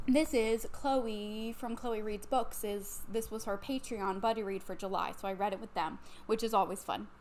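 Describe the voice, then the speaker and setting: A woman's voice: fairly high pitch, a little hiss or hum. Rambling, slightly tipsy young woman. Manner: rambling, self-interrupting, lots of likes and ums. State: a little tipsy from wine. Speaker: book vlogger. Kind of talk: casual chatty book review. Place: home, at her bookshelf.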